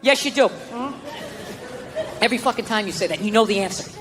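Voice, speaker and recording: Comedian ranting loud and sweary, high-ish voice, big roomy hall, crowd roaring with laughter. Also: male voice, fairly quick, background noise. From United States. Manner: loud, profane, ranting delivery. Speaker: stand-up comedian. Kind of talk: live stand-up comedy set. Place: live comedy venue in England.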